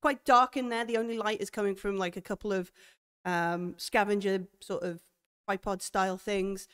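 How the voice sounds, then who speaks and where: A woman game master describing a horror scene in a tabletop game, halting as she goes. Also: medium pitch, fairly even intonation, fairly bright tone, smooth. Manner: halting, full of fillers and restarts.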